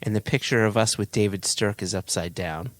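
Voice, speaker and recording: A man's voice: fairly low pitch, brisk. A man co-hosting a podcast, teasing wryly in casual chat. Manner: wry, teasing. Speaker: podcast co-host.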